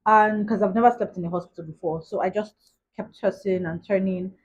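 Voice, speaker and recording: Husky woman vlogging, lo-fi. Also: mid-range voice, fairly even intonation, a little fast, a little mellow. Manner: chatty, retells events with many "like" asides. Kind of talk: casual storytelling to camera. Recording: dull lo-fi recording.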